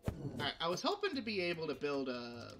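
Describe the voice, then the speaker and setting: A man in his thirties hosting a casual gaming livestream, excitable and given to loud exclamations. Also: on the high side, a little fast, music in the background. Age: 30s. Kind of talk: casual live gameplay chat.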